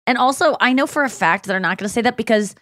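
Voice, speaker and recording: A woman's voice: on the high side, fast talker, a bit bright, no room sound, studio quality. A woman hosting a podcast in casual chat, rambling with lots of "like" and acting out her own thoughts. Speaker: podcast host.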